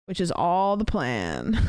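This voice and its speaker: A woman's voice: lowish voice, huge pitch swings, takes it slowly, darkish tone, dry recording, studio quality. An American woman streamer chatting casually, telling a long story with lots of fillers and restarts. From United States. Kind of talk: casual livestream chat.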